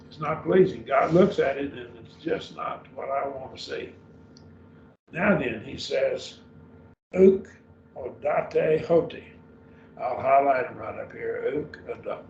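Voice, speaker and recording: An older man preaches in a loose, folksy, rambling manner, his voice rough with gravel. He is recorded from across an echoey church room. The sound is dull and muffled, with faint room ambience behind it. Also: mid-range voice, takes it slowly, darkish tone, distant mic, slight background noise. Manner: rambling, folksy, explains Greek word order. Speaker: preacher teaching a Bible class. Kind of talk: unscripted Bible lesson.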